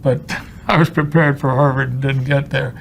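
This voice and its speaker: An older man from Chicago, a film director, telling humorous, salty anecdotes in an interview with a gravelly voice. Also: mid-range voice, steady tone, moderate pace, slight background noise. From Chicago, USA. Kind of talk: anecdotal storytelling.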